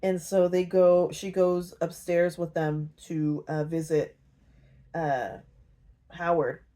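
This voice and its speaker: A woman casually retelling a novel, slangy and joking, briefly acting out the characters' lines in quick voices. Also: lowish voice, flat delivery, dark tone. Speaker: book retelling video host. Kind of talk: casual comedic story retelling.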